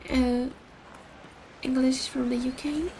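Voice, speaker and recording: A Brazilian woman game streamer, a native Portuguese speaker, chats casually with a high yet warm voice that stays level and slow. She sounds upbeat and giggly while commenting on the game, with slight background noise behind her.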